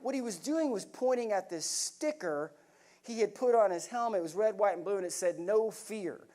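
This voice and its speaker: High-voiced man telling a war story. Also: moderate pace. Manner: vivid, animated storytelling with bursts of laughter. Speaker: keynote speaker. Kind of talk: storytelling talk to a live audience.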